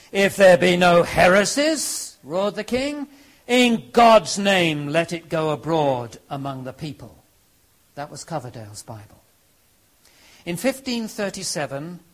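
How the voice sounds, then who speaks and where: Male lecturer with a slightly raised pitch, earnest and emphatic, telling history to an audience. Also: low-quality recording. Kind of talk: historical lecture with dramatic readings.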